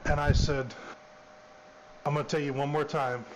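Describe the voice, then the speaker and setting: A man's voice: a little high, level tone, normal speed, slight background noise, poor audio. A man, a former police officer, casually telling a story, drawling and repeating "I said" and "she's like".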